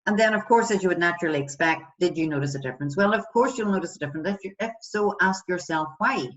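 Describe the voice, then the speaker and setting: Speaking fast in a fairly low voice, a woman coach guides a self-compassion exercise for listeners' wellbeing. She poses lots of questions and performs example voices throughout the guided self-help session. The recording sounds distant and dull, with lo-fi quality.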